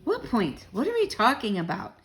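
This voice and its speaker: A woman voicing a slow, good-natured male dog who sounds high-pitched and bewildered. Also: wildly swooping pitch.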